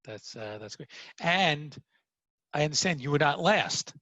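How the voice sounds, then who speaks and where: Slow-talking man with a dull, dry sound. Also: on the high side, animated, sharp tone, no echo. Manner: brief reactions and slow questions. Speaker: interview host. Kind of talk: casual interview.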